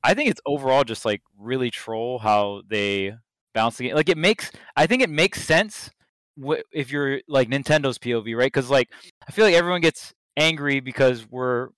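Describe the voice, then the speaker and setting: Man, podcast co-host, smooth clear voice, dry close sound, teasing, casual chat. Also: mid-range voice, normal speed, a bit bright, dry recording, poor audio.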